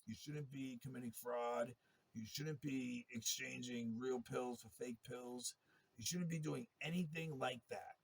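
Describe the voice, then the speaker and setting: A man's voice: medium pitch, measured pace, gravelly, slightly rough. A man in a long, rambling monologue, talking in a profane and agitated way. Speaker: interviewee telling his story.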